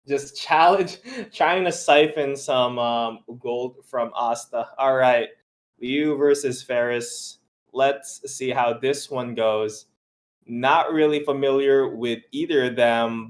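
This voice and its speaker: A man's voice: medium pitch, takes it slowly. Young male caster, upbeat game commentary, laughs easily, mid-range voice. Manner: excitable, laughs often, banters. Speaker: esports caster. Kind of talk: live esports commentary.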